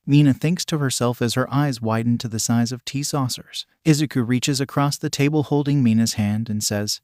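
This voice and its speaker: A man narrating a fan fiction story in a steady audiobook read. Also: mid-range voice, fairly quick, few pauses, no room sound, clean studio sound.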